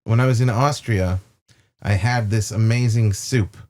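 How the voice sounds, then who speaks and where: A man co-hosting a podcast tells a long story with animated energy. His voice is plain and mid-pitched, and he acts out the people in his tale. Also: a little slow. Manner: animated anecdote-telling, acts out quotes.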